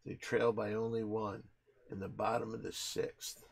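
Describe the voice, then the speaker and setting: A man hosting a casual show, joking crudely and breaking into mock play-by-play with loud excited calls. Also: fairly low pitch, moderate pace, creaky. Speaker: podcast host.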